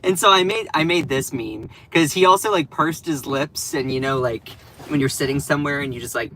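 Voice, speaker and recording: A man's voice: on the high side, brisk, bright, forceful tone, a little hiss or hum. A man giving casual political commentary on his stream. He rambles and stops himself to restart as he mocks what he is reacting to. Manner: rambling and sarcastic, with many restarts.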